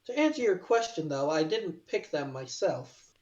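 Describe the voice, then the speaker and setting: A man voicing a sly, charming male clone officer with a smooth, teasing manner, recorded distant in a roomy space on a dull mic. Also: a little high, sing-song, moderate pace, darkish tone.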